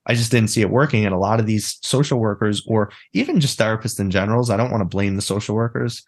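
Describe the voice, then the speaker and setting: A man's voice: lowish voice, quick pace, a little mellow. A man talking bluntly and animatedly as a guest in a casual interview, swearing freely. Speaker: guest, therapist and mindset coach.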